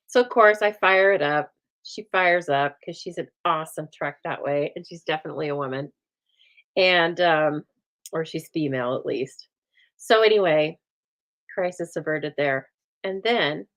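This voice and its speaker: A woman with a slightly low voice chats through a stamping session, telling a story in an easygoing way. She acts out the lines of the people in it with animated, playful delivery. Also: poor audio. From United States. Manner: chatty, animated storytelling with voiced quotes and laughs. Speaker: stamping craft host. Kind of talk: casual storytelling while crafting.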